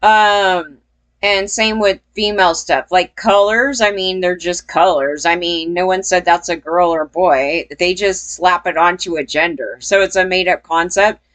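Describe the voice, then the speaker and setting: A woman's voice: fairly low pitch, fairly even intonation, measured pace, fairly bright tone. A woman giving casual opinion commentary as a vlogger, blunt and profane, rambling and laughing between points.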